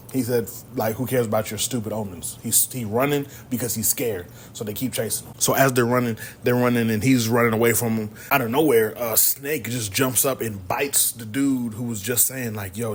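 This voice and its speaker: A man hosting a podcast, retelling a film's plot casually and full of slang. He tells it with energy, in a voice of ordinary middle pitch, and faint ambient noise sits under his voice. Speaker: podcast host. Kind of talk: casual movie recap.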